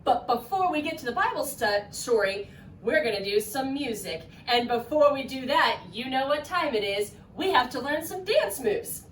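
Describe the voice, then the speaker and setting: A woman leading a scripted children's church lesson in an animated, coaxing way. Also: high voice, moderate pace, reverberant, recorded from a distance, slight background noise. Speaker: children's program teacher.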